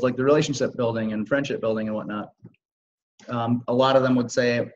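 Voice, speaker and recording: A man's voice: medium pitch, steady tone, a little fast, a little hiss or hum. Casual male co-host, loose rambling delivery, lo-fi call audio. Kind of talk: casual chat. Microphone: video call. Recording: dull lo-fi video call audio.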